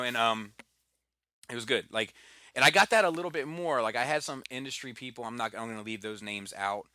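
Man, casual podcast chat, rambling stories, lots of swearing and fillers, very bright forceful tone, dry close sound. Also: medium pitch, dry recording. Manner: rambling storytelling full of fillers and profanity.

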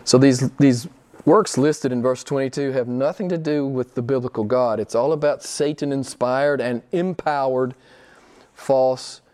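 A middle-aged pastor preaching a sermon, emphatic and questioning his congregation, jumping high in pitch when he quotes people. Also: a little mellow. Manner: emphatic, rising high when quoting others.

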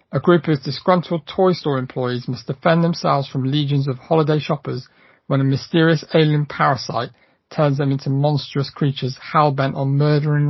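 Gravelly, husky man chatting excitedly. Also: on the high side, no echo, highs cut off. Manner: enthusiastic, lots of fillers and restarts. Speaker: podcast co-host. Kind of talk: casual podcast chat.

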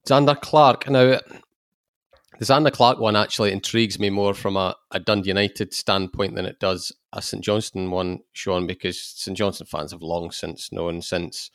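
Low-voiced man hosting a podcast. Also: no room sound, studio quality. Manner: conversational, leads the discussion. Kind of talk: casual podcast discussion.

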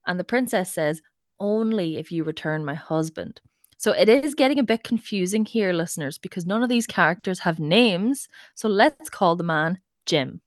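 A woman co-hosting a folklore podcast, telling the story with a bouncy, expressive voice. Her voice sounds close and dry, with no room around it. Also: medium pitch, normal speed, hardly any pauses, dry recording. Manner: chatty, gossipy retelling. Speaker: podcast co-host. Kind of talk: comic storytelling chat.

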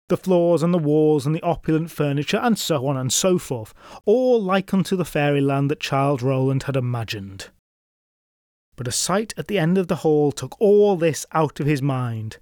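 A male storyteller reads a folk tale, building scenes with drama and tossing in wry asides. His voice sits slightly high. The recording is close and dead dry. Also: a little mellow, no room sound. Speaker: storyteller host. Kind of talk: scripted folklore narration.

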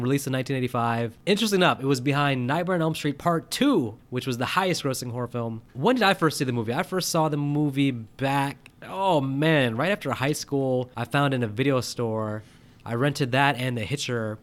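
A man's voice: mid-range voice, a little fast. A man hosting a casual movie review podcast, methodical and teasing with his co-host.

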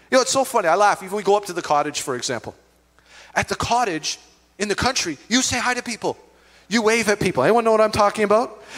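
A middle-aged man preaching as a pastor, conversational and animated, telling stories with asides to the congregation. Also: high-pitched. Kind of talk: sermon. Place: church hall. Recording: long reverb of a church hall.

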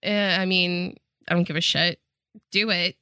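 A woman's voice: fairly low pitch, steady tone, measured pace, sharp tone, clear, resonant tone, no room sound, studio quality. A young woman co-hosting a casual podcast, retelling a movie's plot with wry retorts and acted-out character lines. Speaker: podcast co-host. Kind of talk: casual chat recapping a movie.

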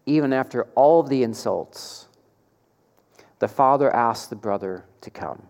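A man preaching a sermon, asking the congregation rhetorical questions and pressing his points with animated emphasis. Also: mid-range voice, unhurried. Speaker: pastor. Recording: long hall reverb.

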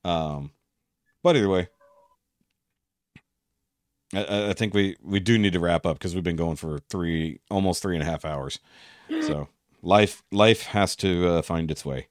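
A man's voice: low-pitched, a little slow, pauses often, dry recording, studio quality. A man hosting a casual podcast, rambling through the wrap-up with fillers and restarts. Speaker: podcast host.

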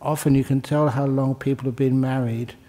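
Mellow-voiced older monk giving a relaxed talk. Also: male voice, mid-range voice, brisk. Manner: relaxed, joking, repeats phrases for emphasis. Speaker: Buddhist monk teacher. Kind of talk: dharma talk answering questions.

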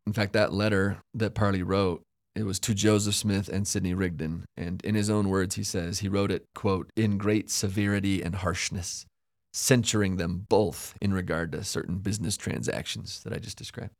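A man's voice: deep voice, fairly even intonation, moderate pace, gravelly, no room sound, studio quality. A man co-hosting a conversational podcast, recounting events reflectively with hedges and asides. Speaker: podcast co-host. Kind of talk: casual conversational history discussion.

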